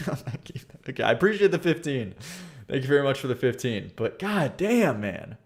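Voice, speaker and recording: A man's voice: mid-range voice, fairly quick. Rambling male music streamer. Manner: rambling, restarts, swears, laughs at himself. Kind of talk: casual livestream chat.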